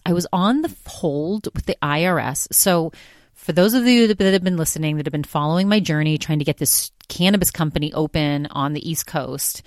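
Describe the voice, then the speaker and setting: A woman's voice: lowish voice, no room sound, clean studio sound. A woman hosting her own podcast, talking in a rambling, exasperated way full of fillers. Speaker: podcast host. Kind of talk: casual solo podcast monologue.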